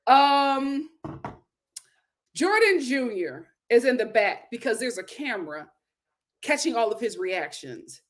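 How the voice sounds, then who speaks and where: A woman hosting a casual reality TV recap, talking in an animated, exclamatory way with lots of incredulous reactions. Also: fairly high pitch, slow, long pauses. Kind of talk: casual chat.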